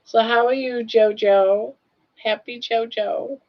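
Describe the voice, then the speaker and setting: A woman's voice: a little high, steady tone, highs cut off. An older woman hosting a casual livestream, chatting in a folksy way and reading out viewers' comments. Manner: chatty and folksy, drawing out viewers' names slowly. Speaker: livestream host.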